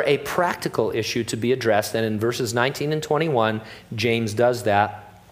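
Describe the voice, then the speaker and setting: A man's voice: on the high side, a bit bright. A middle-aged male pastor preaching an expository sermon in a conversational, joking way, full of asides and fillers.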